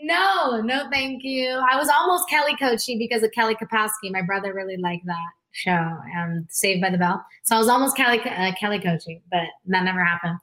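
A woman singer, a guest in a casual interview, telling stories with animated energy, lots of "like" and quick laughs. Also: medium pitch. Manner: animated storyteller, frequent "like", laughs a lot; acts out quoted voices.

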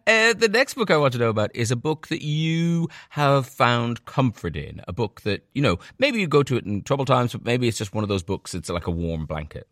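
A male podcast host asks his guest questions in a measured, friendly way. His pitch moves up and down a lot, and his voice sounds dry and close. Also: very animated, fairly bright tone, no echo. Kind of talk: interview questions.

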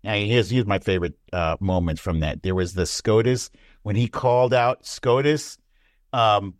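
A man in casual political chat, animated, acting out quotes with big jumps in pitch. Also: normal speed, no room sound, clean studio sound.

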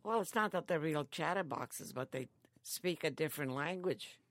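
An older woman who lives in a care home, chatting slowly and telling stories with frequent chuckles. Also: sits low, lively intonation, no room sound. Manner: slow, chuckling storyteller. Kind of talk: casual chat.

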